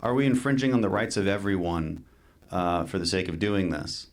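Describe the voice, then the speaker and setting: Low-voiced earnest halting male politician. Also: expressive. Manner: earnest, halting, repeats words while thinking. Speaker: politician guest. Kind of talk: earnest podcast conversation.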